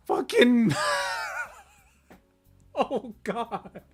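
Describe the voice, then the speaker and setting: A woman's voice: on the high side, lively intonation, drawn-out words, soft background music. A woman streamer and game master in casual livestream chat, giddy and laughing often, swearing and stumbling as she works through math aloud.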